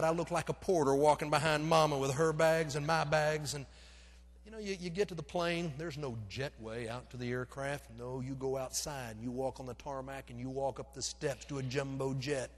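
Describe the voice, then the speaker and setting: A middle-aged man preaching in a church, telling a personal story in an animated, self-deprecating way that acts out the scenes. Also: a little high. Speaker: pastor. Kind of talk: storytelling sermon. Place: church sanctuary. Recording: long reverb of a church sanctuary.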